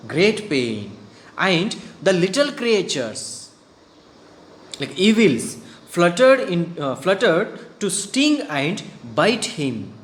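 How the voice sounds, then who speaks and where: A man with an Indian English accent, an English teacher who reads a story aloud and explains it to students in a slow, halting way, with fillers and throat clearing. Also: high-pitched, fairly bright tone. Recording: echoey room, faint background hum.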